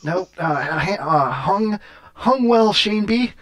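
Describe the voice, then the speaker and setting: A male podcast host talking casually with callers, his voice sitting a bit high. He rambles, fills pauses with "uh" and breaks into laughter, joking crudely. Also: expressive, fairly bright tone.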